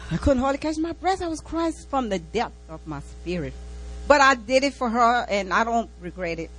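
A woman's voice: on the high side, very animated, moderate pace, fairly bright tone, rough recording. A woman preaching an informal sermon and sharing a personal testimony, in a folksy way that repeats key lines and breaks into laughter between phrases. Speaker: church speaker giving a testimony.

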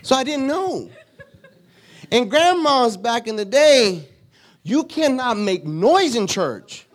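A man preaching a sermon, moving from solemn teaching to lively storytelling. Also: very high-pitched, slow. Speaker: pastor.

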